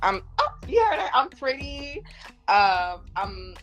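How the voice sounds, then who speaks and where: A woman's voice: high-pitched, very animated, takes it slowly, a bit bright, faint music behind. A woman contestant answering dating show questions, candid and chatty about her own flaws. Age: adult with a grown son. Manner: candid, self-deprecating, chatty. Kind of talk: casual panel interview answers.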